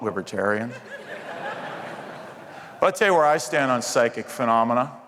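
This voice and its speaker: A man performing live stand-up comedy with playful crowd work at a hotel event. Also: low-pitched. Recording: reverberant hall with crowd noise.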